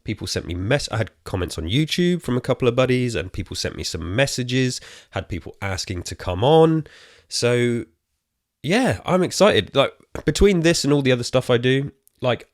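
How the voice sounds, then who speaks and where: A British man in his thirties hosting a casual solo gaming podcast from a quiet room at home, rambling and slightly out of breath. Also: mid-range voice, expressive, normal speed, dry recording, clean studio sound. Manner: rambling, chatty, self-correcting asides. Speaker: podcast host.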